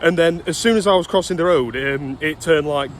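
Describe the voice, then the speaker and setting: British guy, early twenties, slightly high voice, cussing vlogger over loud street traffic. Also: fairly quick. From Britain. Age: 20s. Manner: swearing, exasperated storytelling. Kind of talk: casual ranting vlog. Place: outdoors walking along a street.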